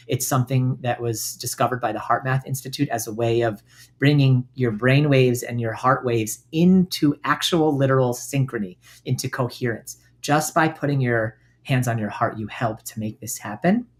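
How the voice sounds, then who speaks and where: A man hosting a self-help podcast, talking gently in a coaching manner and now and then acting out inner voices. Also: mid-range voice, moderate pace. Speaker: podcast host.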